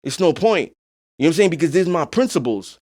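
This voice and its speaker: A man's voice: a little high, very animated, quick pace, darkish tone. A man hosting a podcast in a casual monologue. He talks bluntly and emphatically, swears freely, and keeps checking in with "you know what I'm saying.". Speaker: podcast host.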